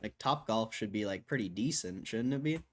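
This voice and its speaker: A man's voice: on the low side, lively intonation, normal speed. A man streaming live, chatting casually and muttering to himself as he reads stock charts. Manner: loose, muttering to himself while reading charts. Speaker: stock market livestreamer. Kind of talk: casual livestream chat.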